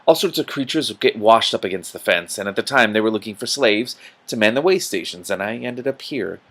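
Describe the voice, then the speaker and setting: A courteous, sorrowful male water troll from a storybook, as a man puts him on while reading aloud. He speaks mildly and with measured calm, in a lowish, soft voice that sounds a touch gloomy.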